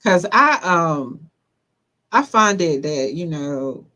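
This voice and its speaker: Relaxed, low-pitched woman host chatting. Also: takes it slowly. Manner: laughs often, loose and conversational. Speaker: podcast host. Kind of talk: casual chat.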